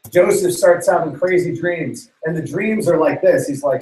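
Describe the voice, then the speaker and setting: A man's voice: a little high, moderate pace, hardly any pauses, darkish tone, roomy sound, distant mic, low-quality recording. Slangy, playful male youth preacher. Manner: slangy, playful, acts out characters' voices. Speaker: youth pastor. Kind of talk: casual sermon storytelling.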